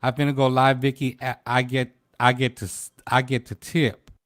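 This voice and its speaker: A relaxed male host chats on a livestream, laughing easily. His voice sits mid-range and sounds dry and close, with no room echo. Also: medium pitch, normal speed. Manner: laid-back, chatty, laughs often. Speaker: talk show host. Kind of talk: casual livestream interview.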